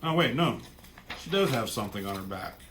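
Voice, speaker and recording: Male comic reviewer, casual rambling delivery, profane and offhand, mid-pitched voice, faint background hiss. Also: expressive, fairly quick, fairly bright tone.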